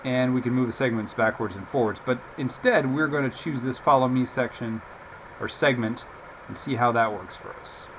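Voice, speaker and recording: A man giving a casual, relaxed software demonstration, talking haltingly with frequent fillers. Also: mid-range voice, noisy background. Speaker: software reviewer. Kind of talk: casual screen-recorded software demo.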